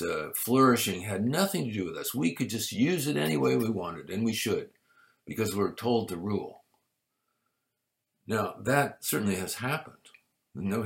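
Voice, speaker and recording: A man preaching a sermon in a measured way, rising to emphatic peaks and dropping to soft asides. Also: lowish voice, vocal fry. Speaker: pastor.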